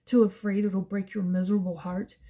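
A woman's voice: mid-range voice, level tone, a little fast, mellow, lightly acted. Woman reading as a cruel mocking father. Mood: contemptuous. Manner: taunting, contemptuous.

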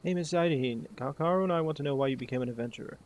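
A man's voice: on the high side, very fast, slight background noise, natural voice. A man reading as an eager young boy. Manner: eager, questioning.

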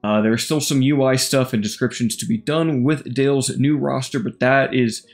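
A man in an easygoing, rambling commentary, narrating a strategy game as he clicks along. His pitch sits in an ordinary middle range, and he often pauses with fillers to think. Soft music plays faintly underneath. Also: fairly even intonation. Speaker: gaming YouTuber. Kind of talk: casual gameplay commentary.

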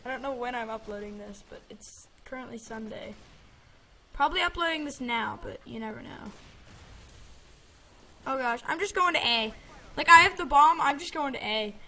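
A young gaming host chatting casually over gameplay, excitable and rambling with lots of fillers. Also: female voice, high voice, normal speed, pauses often, slight background noise. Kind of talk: casual game commentary.

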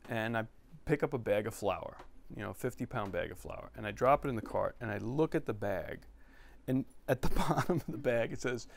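A man's voice: mid-range voice, creaky. A middle-aged man, a chef, telling stories to a live audience in a bookstore in a chatty, rambling way with many restarts and asides. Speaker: chef giving a talk at a bookstore. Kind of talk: storytelling talk to a live audience.

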